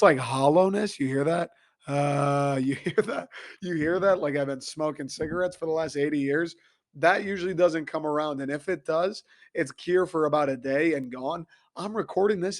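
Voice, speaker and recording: A young man from Michigan, hoarse and a little raspy, ranting profanely and excitably as he hosts a casual sports talk show. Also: on the high side, moderate pace. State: hoarse after a concert. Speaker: sports podcast host.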